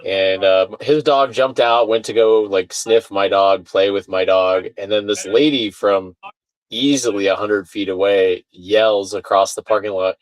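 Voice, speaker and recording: A man telling a story in casual chat as a podcast guest, animated and swearing, laughing at himself, over a remote call mic that sounds far away. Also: on the low side, normal speed, no echo. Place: remote call from his studio.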